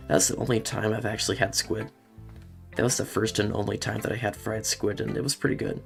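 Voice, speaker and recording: A man's voice: lowish voice, flat delivery, fairly quick, vocal fry, soft background music. A man giving casual, emotional commentary while playing a game, self-conscious, with mild stand-in swear words. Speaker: let's play gamer.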